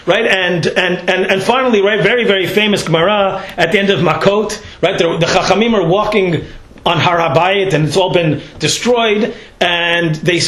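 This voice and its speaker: A man with a high voice teaches a Torah class in an informal, chatty way. He keeps tossing in "right?" and "you know" as he works through his points. The room gives his voice a roomy echo. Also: fairly bright tone. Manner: conversational, peppers speech with "right?" and "you know". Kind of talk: Torah lecture.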